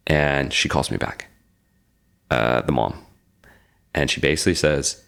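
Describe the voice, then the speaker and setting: Gravelly, very deep-voiced man in his forties. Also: normal speed, long pauses. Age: 40s. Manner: animated storyteller acting out quoted dialogue. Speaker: podcast guest. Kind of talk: casual interview storytelling. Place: lives in Reno.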